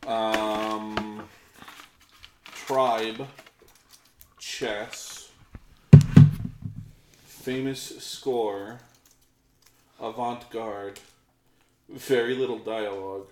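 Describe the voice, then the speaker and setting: A podcast co-host reading out keyword lists in a casual game, pausing often with ums. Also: medium pitch, steady tone, reverberant, very noisy.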